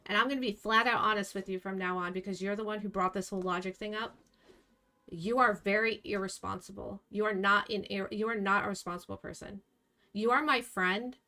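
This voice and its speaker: A young woman streamer with a medium-pitched, sharp voice rants bluntly at her chat during a live stream. Exasperated, she scolds them and swears freely.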